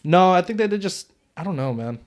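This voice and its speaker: A man's voice: high voice, animated, fairly quick. Young man, casual profane movie chat. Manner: loose and profane, gets loud when worked up. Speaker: podcast co-host.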